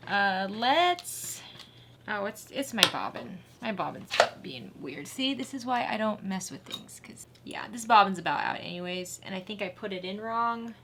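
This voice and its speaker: A woman's voice: mid-range voice, expressive, measured pace, background noise. A woman hosting a casual sewing tutorial, chatting and laughing with viewers while she works. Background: faint sewing machine whir.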